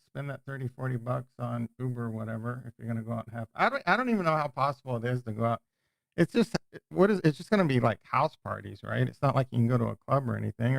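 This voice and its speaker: A man's voice: medium pitch, gravelly, dry recording. A man hosting a casual livestream, chatting in a rambling way and often breaking off and restarting his sentences. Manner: rambling, self-interrupting, chatty. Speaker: crypto livestream host.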